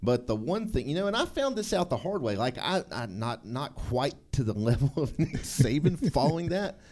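A man's voice: mid-range voice, very animated, moderate pace, a little mellow. A man hosting sports talk radio, dropping wry one-liners and rambling through restarts.

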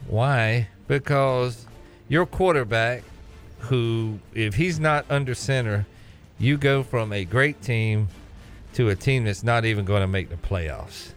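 Man, sports talk co-host, mid-pitched, sarcastic, opinionated rant, faint music behind. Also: slow.

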